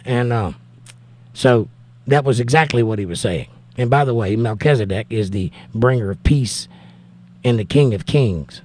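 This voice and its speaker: A man with a Southern accent from Georgia talks to his livestream chat at a middle pitch. He reads viewers' messages aloud and answers them bluntly, arguing scripture in a plain, direct way. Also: measured pace. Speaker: livestream host reading chat.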